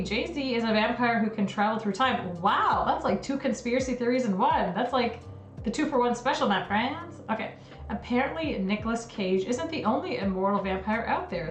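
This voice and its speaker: A woman's voice: mid-range voice, echoey room, a little hiss or hum. A woman hosting a casual livestream, chatty and giggly as she reacts to what she reads. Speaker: livestream host. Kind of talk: casual livestream chat reading conspiracy theories.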